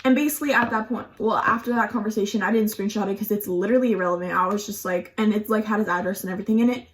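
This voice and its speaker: A woman's voice: medium pitch, racing. A young adult woman telling a casual storytime on her vlog, chatty and profane, with lots of "like". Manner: chatty and profane, heavy use of "like". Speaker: vlogger.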